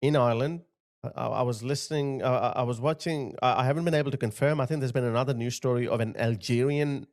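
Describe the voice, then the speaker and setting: A man's voice: mid-range voice, fast, darkish tone. Indignant man commenting over clips. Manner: indignant, repeats "look at this". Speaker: channel host.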